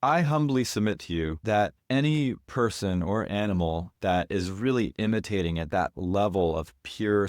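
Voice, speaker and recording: A man with a fairly low voice talks through a horn lesson in an earnest, explanatory way. The sound is dry and close, with no room echo around him. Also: a little mellow. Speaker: horn teacher. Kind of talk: online lesson.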